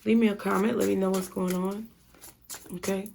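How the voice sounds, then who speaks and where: A woman's voice: medium pitch, flat delivery, moderate pace, gravelly, darkish tone, slight background noise. A woman giving a casual tarot reading, chatty and blunt, with frequent swearing. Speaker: tarot reader.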